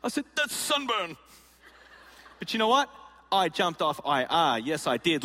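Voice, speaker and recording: A man preaches in a sermon, spinning a comic story and playfully acting out its people. His voice sits high and bright. It rings with the long reverb of a large hall. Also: very animated, unhurried, pauses often, a faint crowd. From Australia. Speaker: pastor. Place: large auditorium.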